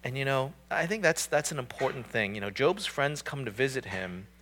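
A man's voice: medium pitch, lively intonation, normal speed, fairly bright tone. A man preaching a sermon in a conversational, emphatic way, often restarting his sentences. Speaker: pastor.

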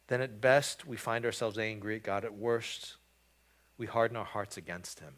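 A man preaching a sermon, earnest and emphatic, often restarting phrases and building to loud, rising stretches. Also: lowish voice, normal speed. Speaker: pastor.

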